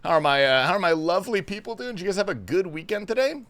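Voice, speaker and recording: A man livestreaming, talking in a slightly high, sharply bright voice. He chats with his viewers in loose, profane bro-talk, with his pitch jumping around animatedly. The sound is close and dry, with no room around it. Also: lively intonation, fast talker, no room sound. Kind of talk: casual livestream chat while gaming.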